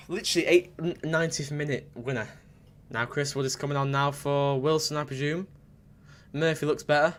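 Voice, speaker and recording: A slightly high-voiced young man talks at normal speed while commentating a football match for his stream. As a fan streamer, he reads chat messages aloud, repeats phrases, and bursts into excited shouts when big things happen.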